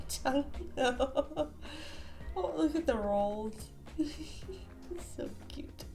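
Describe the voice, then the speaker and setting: A woman's voice: high-pitched, animated, extremely slow, creaky, mellow, soft background music. A woman hosting a reaction video, exclaiming, laughing and cooing at funny animal clips in casual commentary. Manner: exclaims often, laughs a lot, coos at animals.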